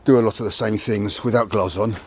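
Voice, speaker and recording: A man's voice: lowish voice, steady tone, brisk, a little mellow, slight background noise. Matter-of-fact man demonstrating training outdoors. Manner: plain, matter-of-fact, candid explanations. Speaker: martial arts channel host. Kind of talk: casual training demonstration to camera. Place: outdoors near a tree.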